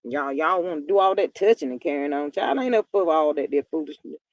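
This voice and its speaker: A woman's voice: deep voice, lively intonation, fast talker, no room sound. Chatty older woman gossip host, dry mic. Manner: chatty and drawling, acts out quoted people in voices. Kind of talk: casual gossip commentary to viewers.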